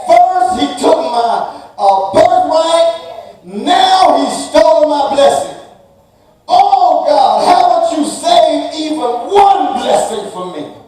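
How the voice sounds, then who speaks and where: A man preaching who voices the desperate biblical son Esau, crying out and pleading at a near-shout. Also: extremely high pitch, expressive, slow, voice pushed up, full character voice. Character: desperate young man Esau, begging, bitter. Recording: echoey church from far off.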